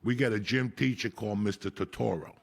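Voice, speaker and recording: A man hosting a podcast, telling profane, animated stories from his school days. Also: fairly low pitch, fairly quick. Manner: raspy, profane, animated, breaks into laughter. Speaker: podcast host. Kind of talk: profane casual storytelling.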